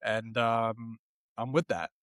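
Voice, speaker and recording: A man hosting a casual podcast, measured and thoughtful, who leans on plenty of ums. His pitch sits in the middle, and the sound is dry and close to the mic. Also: little pitch movement, a bit bright, no room sound. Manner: measured, thoughtful, many fillers. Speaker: podcast host.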